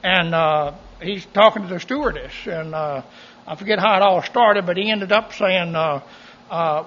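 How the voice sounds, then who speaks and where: A man preaching a sermon, folksy and animated, with joking asides. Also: high-pitched, moderate pace, dull audio. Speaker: pastor.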